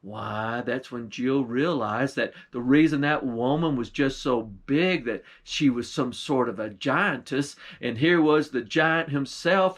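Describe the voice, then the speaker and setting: A man, a pastor, telling an old folktale in a folksy rural dialect. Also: medium pitch. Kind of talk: folktale storytelling.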